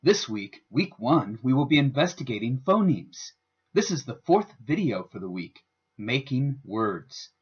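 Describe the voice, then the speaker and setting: A man giving a scripted instructional narration as a student presenter, with a careful, deliberate teaching delivery. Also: medium pitch, sing-song, breathy edge. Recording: dull lo-fi voice-over.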